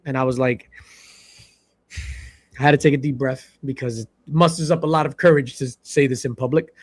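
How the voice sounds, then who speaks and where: A man hosting a casual pop culture panel, telling stories with lively acted-out quotes. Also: medium pitch, moderate pace, breathy edge, dry recording. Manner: animated storyteller, acts out quotes. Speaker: podcast host.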